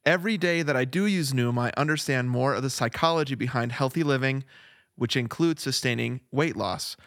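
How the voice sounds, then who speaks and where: A podcast co-host in his Flagstaff home studio chats casually about his week and reads ads, laughing easily throughout. His mid-range voice has a fairly bright tone and runs a little fast, captured in a dry, studio-quality recording.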